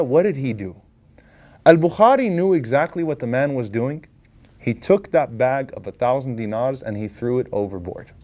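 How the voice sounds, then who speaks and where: A man giving a casual religious lecture, telling a story with animated voices for the people in it and dropping in Arabic phrases. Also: fairly high pitch. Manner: casual and lively, acts out quoted lines, mixes in Arabic phrases.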